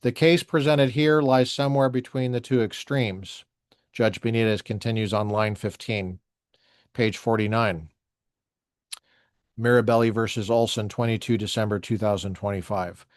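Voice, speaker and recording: A man hosting a solo commentary show, reading a court ruling aloud slowly with short asides and self-corrections. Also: lowish voice, steady tone, no room sound, studio quality.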